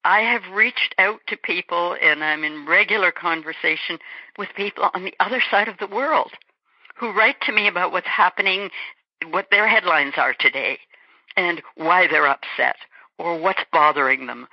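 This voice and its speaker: A woman's voice: on the low side, dry recording. A woman in her eighties, born in Germany, speaking as an interview guest in a reflective, earnest way. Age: 80s. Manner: reflective, earnest, acts out small quoted remarks. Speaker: guest author. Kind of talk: interview conversation. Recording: dull lo-fi radio recording.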